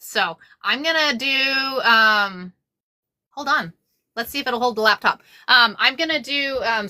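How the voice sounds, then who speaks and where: Excitable woman chatting while sewing. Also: a little high. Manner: excitable, repeats herself, says y'all often. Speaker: craft livestream host. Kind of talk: casual livestream chat while sewing.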